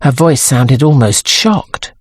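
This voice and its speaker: Woman, English accent, audiobook narrator, low husky voice, slow expressive reading, wide pitch range. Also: dry recording, studio quality. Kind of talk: scripted narration.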